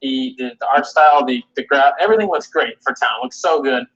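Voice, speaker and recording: A man ranting about video games in a heated, cursing, animated way, often stumbling over and repeating his words. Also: mid-range voice, fast talker, slightly rough. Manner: animated, cursing, repeats himself and mimics others. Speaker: video game commentator. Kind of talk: profane rant. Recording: dull lo-fi audio.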